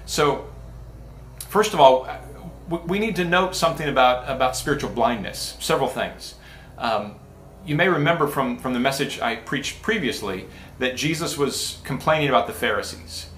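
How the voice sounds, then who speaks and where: A man's voice: mid-range voice, lively intonation, normal speed, a bit bright, a little hiss or hum. A man pastor giving a casual, conversational sermon with many restarts and asides. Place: church sanctuary. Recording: echoey church room.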